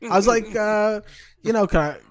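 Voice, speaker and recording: A man from New Jersey, a comedian hosting a podcast, telling stories in a casual, animated way and often laughing. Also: high-pitched, normal speed. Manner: animated, laughs often, acts out his own past lines. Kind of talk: casual storytelling chat.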